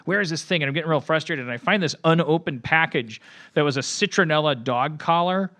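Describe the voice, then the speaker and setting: A man's voice: a little high, a little fast, bright, forceful tone. A man hosting a podcast, telling a long story in a rambling, self-mocking way with lots of profanity and restarts. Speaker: podcast host.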